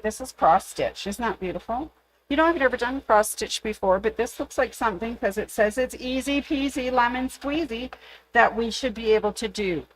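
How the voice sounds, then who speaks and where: A woman from Canada hosts her sewing shop's video, presenting each kit in a chatty, affectionate way with light jokes. Her voice sits a little high and her pace is slow and unhurried. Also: a bit bright, a little hiss or hum. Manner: chatty, fond, with small jokes. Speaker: sewing store host. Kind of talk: casual product showcase.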